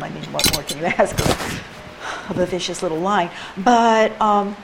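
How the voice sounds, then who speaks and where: A woman leading a poetry workshop, chatting casually with quick asides while recorded in a classroom. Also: on the low side, creaky. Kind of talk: casual teaching talk. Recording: room ambience and background noise.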